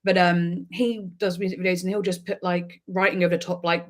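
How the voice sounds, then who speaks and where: A woman's voice: fairly low pitch, little pitch movement, a little fast. A woman, a music reaction YouTuber, chatting casually and rambling on a livestream, laughing often.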